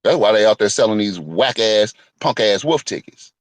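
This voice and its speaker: Middle-aged man, angry profane rant, swinging pitch, dry close sound. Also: lively intonation, normal speed, no room sound. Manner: profane, heated storytelling with mocking quoted voices. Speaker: online show host. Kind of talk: angry monologue.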